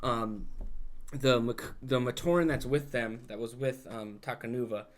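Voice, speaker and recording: A man's voice: mid-range voice, unhurried. A young adult man, a podcast co-host, recapping a film in a rambling, casual way, peppered with "like" and swearing.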